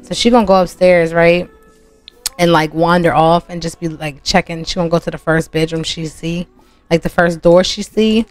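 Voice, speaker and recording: A woman's voice: fairly low pitch, steady tone, moderate pace. A woman hosting a gaming channel, chatting casually and laughing as she narrates gameplay to her viewers. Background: soft music.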